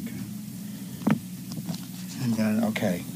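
A man with a fairly low voice guides actors through their lines in a relaxed, coaching way. He often acts out the readings himself. The recording is noisy. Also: slow. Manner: casual, coaching, gives line readings. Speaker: voice director. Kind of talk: directing a recording session.

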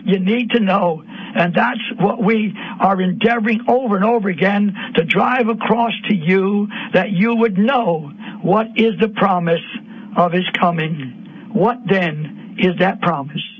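A man's voice: high-pitched, a little slow. A man preaching an impassioned sermon on the radio, rising to emotional peaks. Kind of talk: fiery sermon. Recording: dull lo-fi radio broadcast.

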